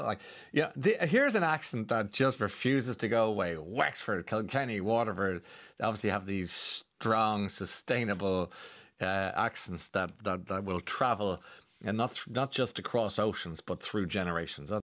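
A man hosts a radio chat, rambling on with restarts and asides. His voice sits on the low side. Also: animated, normal speed, fairly bright tone. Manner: rambling, chatty, many restarts and chuckles. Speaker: radio host. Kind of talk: casual chat.

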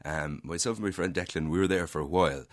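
A man in his twenties with an Irish accent and a very deep voice, chatting as a guest on a radio show and rambling through a travel story. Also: fast, dry recording, studio quality. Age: 20s. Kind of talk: casual radio interview.

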